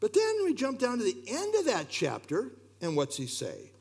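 A middle-aged man preaching an expository sermon, emphatic and animated, often dropping his voice low for effect. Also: moderate pace, creaky, slightly rough. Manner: animated, emphatic preaching with sudden drops in volume. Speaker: pastor.

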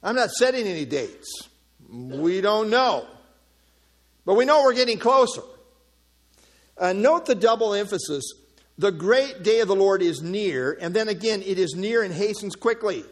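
A man's voice: sits high, sing-song, unhurried, pauses often. A man preaching an expository sermon, teaching earnestly from scripture with informal asides. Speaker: pastor.

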